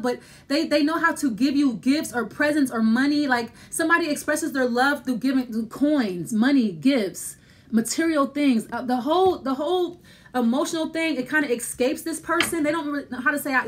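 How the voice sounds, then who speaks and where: A high-voiced woman gives a casual tarot reading, thinking aloud as she pulls cards. She rambles and repeats herself while speaking straight to the listener in a reassuring way.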